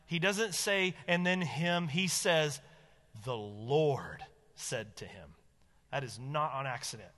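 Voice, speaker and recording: A male pastor preaching with a bright, ringing tone that carries through a church sanctuary. His delivery is animated and emphatic, rising high and then sinking low and quiet for stress. A long reverb trails his words. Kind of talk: sermon.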